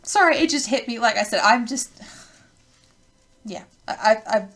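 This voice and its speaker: A woman's voice: a little high, animated, normal speed, a bit bright. A woman hosting a let's play of a visual novel, reading the game text aloud and breaking off into rambling, self-interrupting rants.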